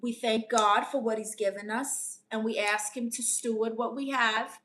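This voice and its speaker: Bright-voiced New York woman reading chat. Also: on the high side, steady tone, moderate pace, a little hiss or hum. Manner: chatty, calls viewers honey, playful aunt persona. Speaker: live streamer giving advice. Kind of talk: live stream chat, reading comments aloud.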